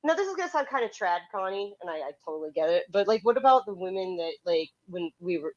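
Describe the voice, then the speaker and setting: A woman's voice: mid-range voice, sing-song, quick pace, dull audio, a crowd in the background. A woman co-hosting a podcast, rambling and stammering as she argues and asks questions. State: cold. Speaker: podcast co-host. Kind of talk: casual debate chat.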